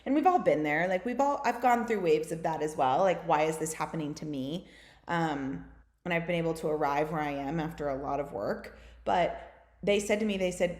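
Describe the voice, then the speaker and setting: A woman in her thirties from the United States, a podcast guest, tells stories fast in casual talk, packed with fillers and countless "like"s. Her voice is low-pitched and darkish, and the room gives a noticeable echo.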